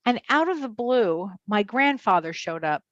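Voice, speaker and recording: A woman, a psychotherapist, telling a personal story in a talk-show interview, animated and acting out voices. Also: normal speed, no room sound, muffled recording. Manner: animated, acts out quotes in high voices. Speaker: psychotherapist and medium guest.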